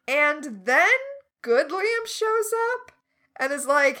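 A woman co-hosting a casual recap chat, animated and sarcastic with quick asides. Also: high voice. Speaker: podcast co-host.

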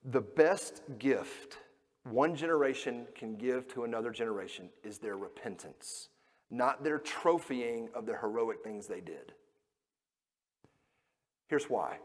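Pastor preaching in a reverberant hall. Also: male voice, mid-range voice, lively intonation, a little slow. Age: middle-aged. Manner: storytelling, acting out quoted voices, swings between loud and hushed. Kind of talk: sermon.

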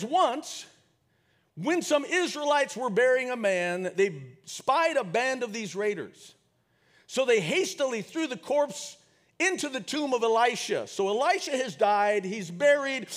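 High-voiced man preaching a sermon. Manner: preaching with call and response, rising to shouts. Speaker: pastor.

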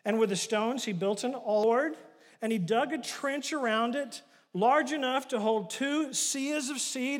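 A man preaches with real animation, swinging between loud bursts and hushed asides as he retells the story. His voice sits high for a man. The sound carries a long reverb, like a large church hall. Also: measured pace. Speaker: pastor. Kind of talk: sermon.

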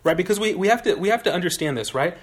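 A man with a fairly high voice preaching a sermon. He talks in a loose, conversational way and tells everyday stories to make his point. He keeps turning to the room with quick questions. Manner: conversational, animated storytelling with audience questions. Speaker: pastor.

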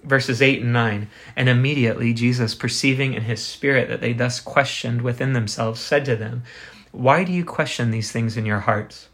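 An earnest male pastor delivering a Sunday sermon in a church. His voice sits at an ordinary middle pitch, and he drives his points home with rhetorical questions and slow, deliberate pauses. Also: fairly bright tone.

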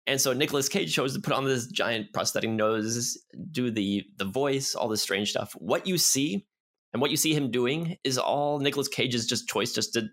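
A man's voice: mid-range voice, normal speed, fairly bright tone. A man co-hosting a podcast in casual chat, joking, laughing often and repeating words as he thinks. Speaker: podcast co-host.

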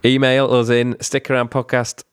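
A man's voice: mid-range voice, completely flat delivery, normal speed, clear, resonant tone, no room sound, studio quality. A man co-hosting a podcast in casual chat, rambling with fillers and swearing loosely. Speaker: podcast co-host.

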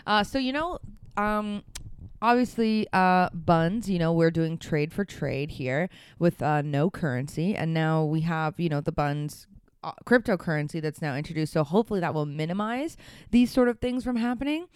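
A woman co-hosting a podcast, chatty and quick to laugh. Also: lowish voice, darkish tone, clean tone, no echo, studio quality. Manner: chatty, laughs often, many fillers. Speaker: podcast co-host. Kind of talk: casual podcast chat.

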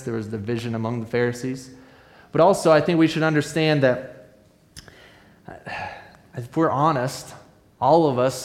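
A man preaching a sermon, retelling a Bible story in a casual, conversational way with fillers and restarts. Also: medium pitch. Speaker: pastor. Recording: echoey room.

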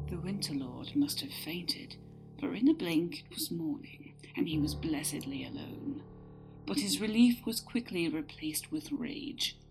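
A woman narrating a dark folktale in a slow, dramatic storytelling manner, with music behind. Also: lowish voice.

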